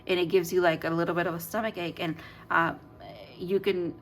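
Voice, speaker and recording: Woman, low voice, tarot reading, chatty, rambling, faint background noise. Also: little pitch movement, a little fast. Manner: chatty, rambling with many fillers and restarts. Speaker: tarot reader.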